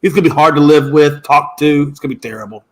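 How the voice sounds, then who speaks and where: A man co-hosting a sports talk show, arguing his point with emphatic, animated delivery that jumps up at times. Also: fairly high pitch, fast talker. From United States. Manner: animated, emphatic, rising to shouts. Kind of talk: casual sports debate.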